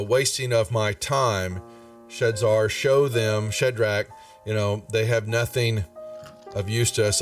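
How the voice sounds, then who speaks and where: A man voicing a haughty ancient beholder lord, slow and low. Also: lightly acted. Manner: slow, grandiose, contemptuous declarations. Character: ancient arrogant male beholder overlord. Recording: distant mic, faint music behind.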